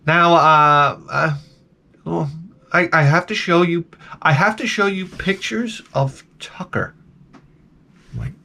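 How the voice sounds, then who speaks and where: A man's voice: fairly high pitch, expressive, measured pace, creaky, pushed and bright. A man telling a rambling, profane story in a casual comedic rant to his vlog audience. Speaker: vlogger.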